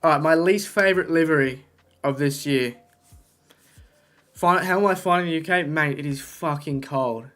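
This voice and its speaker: Young guy livestreaming, hyped and sweary, bit higher voice, desk mic. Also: normal speed, pauses often. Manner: excitable, swears often, talks to chat. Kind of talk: casual live-stream chat. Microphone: desk microphone.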